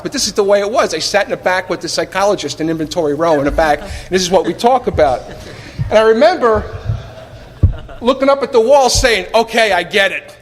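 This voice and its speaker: A man telling his personal recovery story to a live meeting, animated and wry, full of rhetorical questions and acted-out dialogue. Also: sits high. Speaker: speaker sharing at a recovery meeting. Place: meeting hall. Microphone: taped at a live meeting. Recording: reverberant hall recording.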